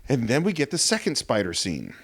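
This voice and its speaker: A man's voice: mid-range voice, brisk, husky. A man co-hosting a casual film discussion, telling scenes as stories and acting out the lines. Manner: animated storyteller, acts out quotes. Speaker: podcast co-host.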